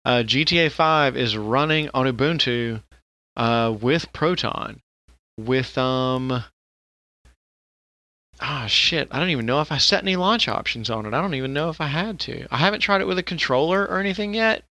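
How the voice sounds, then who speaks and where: A man's voice: mid-range voice, lively intonation, moderate pace, bright, forceful tone, no room sound. A man co-hosting a podcast in casual, rambling chat, swearing freely and laughing often. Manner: rambling and profane, with frequent laughter. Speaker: podcast co-host.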